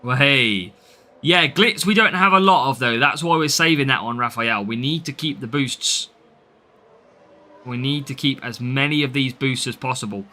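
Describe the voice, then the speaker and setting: A man's voice: medium pitch, normal speed, sharp tone. A man from the English Midlands with a Midlands accent, chatting through a live game stream and answering viewers' comments as he plays.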